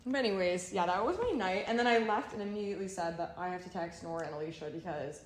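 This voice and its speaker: A young woman co-hosting a podcast, telling an animated story full of fillers and bursts of laughter. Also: lowish voice, quick pace, slight background noise. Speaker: podcast co-host. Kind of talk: casual storytelling chat. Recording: roomy echo.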